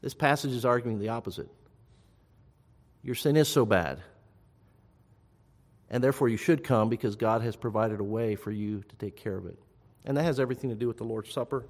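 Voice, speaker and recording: Earnest preacher in a reverberant hall. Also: male voice, mid-range voice, fast talker. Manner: swings from loud urgent appeals to soft hushed reassurance. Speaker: pastor. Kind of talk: sermon.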